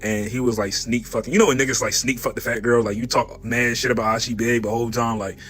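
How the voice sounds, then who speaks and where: A man's voice: mid-range voice, level tone, quick pace, fairly bright tone, faint music behind. A man telling a profane anecdote in laid-back casual talk. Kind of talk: casual storytelling.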